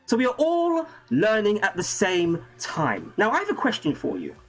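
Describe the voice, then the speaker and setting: A man's voice: sits high, wildly swooping pitch, normal speed. A man hosting a casual livestream from home, chatty and jokey, rambling and greeting viewers by name. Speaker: livestream host. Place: home room with a green screen.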